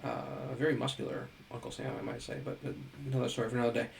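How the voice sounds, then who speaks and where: A man's voice: medium pitch, level tone, very fast, gravelly, a little hiss or hum, low-quality recording. A middle-aged man giving a recorded lecture on teaching. He talks in a conversational way, asks rhetorical questions and keeps checking in with "right?". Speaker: education lecturer.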